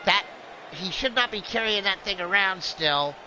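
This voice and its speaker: A man's voice: sits high, lively intonation, normal speed, background noise. A man calling a wrestling game as a rambling, jokey streamer who plays a drunken clown persona. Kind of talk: excitable play-by-play game commentary.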